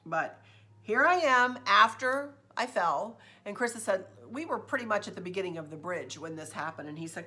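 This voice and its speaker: A woman telling a story in a chatty, expressive vlog. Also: medium pitch, normal speed, soft background music. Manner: chatty, expressive, says "y'all". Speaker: vlogger.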